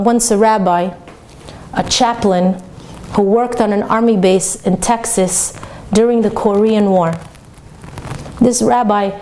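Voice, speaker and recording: A woman's voice: mid-range voice, a little hiss or hum. A woman teaching a Torah class, telling a story and acting out its characters. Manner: animated storyteller, voicing characters.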